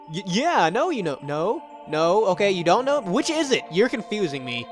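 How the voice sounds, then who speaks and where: A man's voice: sits high, very animated, normal speed, few pauses, faint music behind. Sarcastic young man joking over gameplay. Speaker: let's play host. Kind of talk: casual gameplay commentary.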